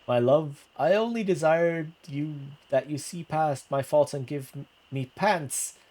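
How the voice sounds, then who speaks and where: A man voicing a bumbling, lovestruck young male bard who stammers and talks in a higher, flustered voice. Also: unhurried, darkish tone. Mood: pleading.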